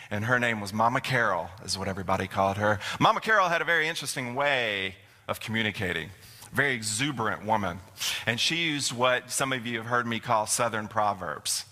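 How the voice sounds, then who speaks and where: A man's voice: fairly low pitch, pushed and bright. A middle-aged man giving a folksy, storytelling sermon as a minister in a church. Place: church sanctuary. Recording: long hall reverb.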